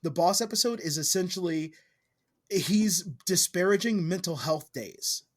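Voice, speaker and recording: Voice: mid-range voice, animated, a little slow. A podcast co-host in casual chat, talking with animation and swearing casually.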